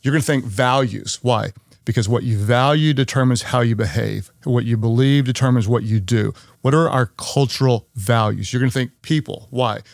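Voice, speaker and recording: A man's voice: mid-range voice, normal speed, vocal fry, no echo, clean studio sound. A man hosting a leadership podcast, answering a listener question in an earnest, repetitive coaching tone. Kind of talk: conversational teaching.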